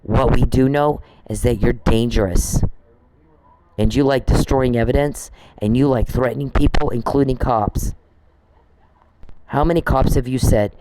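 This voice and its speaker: A man's voice: mid-range voice, normal speed, long pauses, dark tone, a little hiss or hum, rough recording. A man on a podcast, delivering an angry, profane monologue aimed straight at one person he scolds. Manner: indignant, profane, scolding someone directly.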